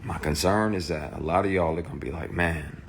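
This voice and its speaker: Talking briskly in a low voice over slight background noise, a man gives a blunt, candid account of something that happened to him. The telling is heated and full of profanity, and he shouts out the quotes he repeats.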